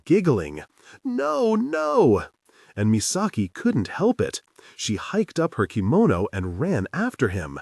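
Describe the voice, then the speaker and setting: A man narrates an audiobook with expressive delivery. His lowish voice rises and falls widely. The sound is dry, with the mic a little distant. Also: breathy edge, no room sound.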